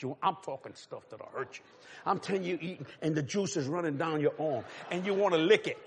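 A middle-aged preacher tells a story in a sermon, acting out the voices of other people. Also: male voice, fairly high pitch, fast talker, husky. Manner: animated, acts out voices, chuckles.

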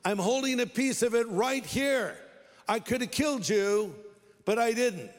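A man's voice: very high voice, animated, measured pace, big-room sound, voice pushed up. A man voicing a brash young male warrior who taunts a king in a mocking, teasing way. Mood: taunting.

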